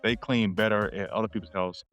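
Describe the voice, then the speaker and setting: A man joining a casual podcast chat as a guest, making quick, heartfelt remarks about his kids. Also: lowish voice, fairly even intonation, fairly bright tone, no echo, soft background music.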